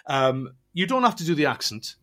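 A man's voice: on the high side, big pitch swings, normal speed, sharp tone. A man co-hosting a podcast, chatting with a guest and wrapping up the show over a call. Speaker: podcast co-host. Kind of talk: casual podcast chat.

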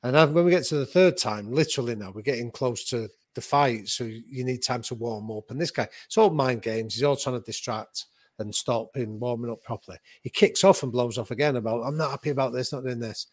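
A man, a boxing coach and author, telling a story in vivid anecdotal detail, with quick restarts as he goes. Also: medium pitch, no echo. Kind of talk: animated conversational storytelling.

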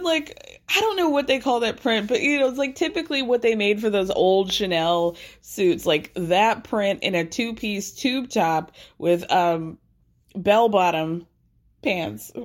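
Wry, chatty woman podcast host. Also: medium pitch. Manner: chatty and wry, lots of "like" and asides. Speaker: podcast host recapping a TV episode. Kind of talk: casual recap chat.

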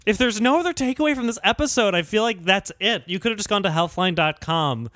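A man co-hosting a casual comedy music podcast, joking and talking in quick animated bursts. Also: sits high, no room sound, studio quality. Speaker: podcast co-host.

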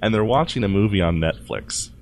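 A man hosting a casual tech news podcast, jokey and quick to laugh as he runs through the stories. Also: fairly low pitch, vocal fry, slight background noise. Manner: jokey, animated, laughs often. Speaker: podcast host.

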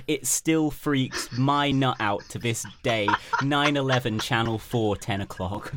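A man's voice: mid-range voice, measured pace, hardly any pauses, a bit bright. A man co-hosting a podcast, laughing often and joking crudely in casual banter. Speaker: podcast co-host.

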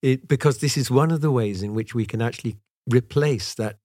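A man's voice: medium pitch, fairly quick, mellow, no room sound, clean studio sound. A man co-hosting a podcast, talking thoughtfully and wryly in casual conversation and playing with words. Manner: thoughtful, wry, playful with words. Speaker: podcast co-host.

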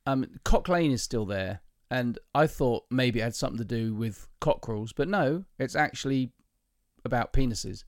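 A man's voice: mid-range voice, lively intonation, moderate pace, no room sound, clean studio sound. A man co-hosting a podcast in casual chat, eagerly sharing trivia and laughing as he goes. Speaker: podcast co-host.

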